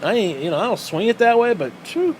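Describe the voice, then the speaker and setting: Guy ranting solo on his podcast, kinda high voice, swears nonstop, sarcastic disbelief, faint hum behind. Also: very animated, fairly quick. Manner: profane, exasperated ranting with mocking rhetorical questions. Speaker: podcast host.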